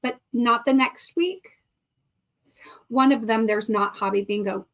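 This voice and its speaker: A woman's voice: a little high, measured pace. A middle-aged woman hosting a live stream, chatting casually, reading viewer comments aloud and laughing often. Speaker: livestream host.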